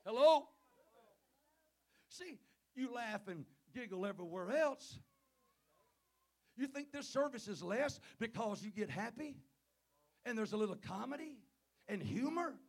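Male preacher, high voice with gravel. Calls "amen?" to the pews, loud peaks and low asides, joking between points. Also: expressive, unhurried, pauses often. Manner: calls out "Amen?" and "Hello?" to the congregation; jokes with the crowd between points. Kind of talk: sermon. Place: church sanctuary.

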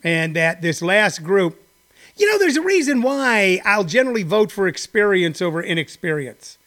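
A man's voice: high-pitched, very animated, moderate pace, a bit bright. An older man hosting a podcast, giving rambling, opinionated commentary. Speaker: podcast host. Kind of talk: casual political commentary.

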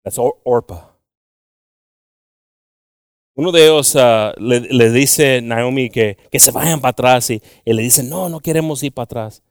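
A young man teaching from the Bible with animated emphasis, switching between English and Spanish and repeating words as he goes. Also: mid-range voice, brisk, no room sound. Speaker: preacher.

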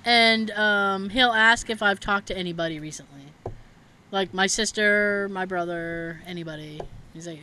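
A woman's voice: mid-range voice, moderate pace, sharp tone, slight background noise. A young woman chatting casually as a podcast co-host, telling stories, acting out the quotes and laughing often. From Massachusetts. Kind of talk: casual chat.

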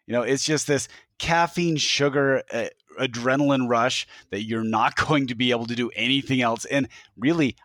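A man co-hosts a casual podcast, wandering through his thoughts with frequent restarts. His pitch is ordinary. The recording is close and dry. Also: a bit bright, dry recording. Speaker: podcast co-host.

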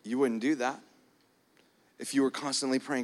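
A man preaching a sermon, shifting between quiet prayerful passages and loud emphatic stretches. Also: medium pitch, fairly even intonation, normal speed, long pauses. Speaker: pastor.

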